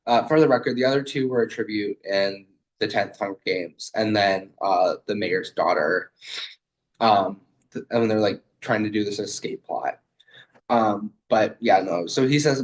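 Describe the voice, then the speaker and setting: A man's voice: on the low side, normal speed, rough recording. A young man and student giving a casual, rambling literary video essay over a video call, with lots of fillers and swearing.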